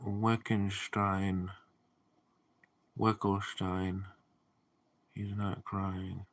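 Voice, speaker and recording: Sleepy deadpan guy on a stream reading out chat comments, low voice but kinda sharp and bright. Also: drawn-out words. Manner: reads viewer comments aloud and answers them. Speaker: livestream host. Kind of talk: casual livestream chat.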